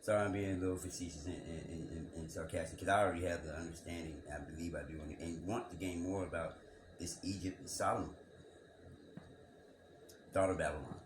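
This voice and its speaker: A man's voice: sits low, fairly even intonation, a little fast. A man reading a scripture passage aloud and musing over it, asking rhetorical questions and repeating his words. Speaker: scripture commentator. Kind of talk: reflective bible commentary monologue. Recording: echoey room with background noise.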